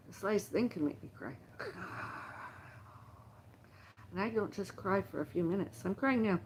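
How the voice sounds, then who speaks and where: Gravelly middle-aged woman, halting and emotional. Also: medium pitch, a little mellow, a little hiss or hum. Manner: halting, emotional, repetitive lists. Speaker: livestream host. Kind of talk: rambling personal monologue. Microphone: phone livestream.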